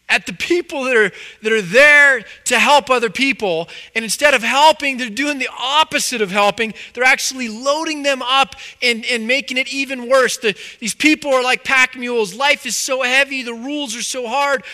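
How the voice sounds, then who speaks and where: Male pastor, high and very bright voice, chatty sermon delivery. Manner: casual, conversational preaching with many fillers.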